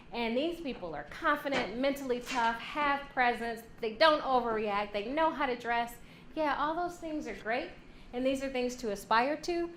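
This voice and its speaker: A woman giving a lively workshop talk to a women's leadership class, joking and acting out quoted voices. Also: on the high side. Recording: echoey room, faint hum.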